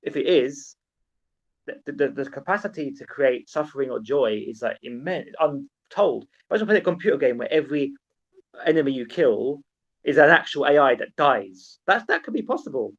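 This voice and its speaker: A man's voice: mid-range voice, expressive, normal speed. A man co-hosting a podcast, musing earnestly on philosophy with frequent restarts. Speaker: podcast co-host. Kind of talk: casual philosophical chat. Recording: dull lo-fi mic.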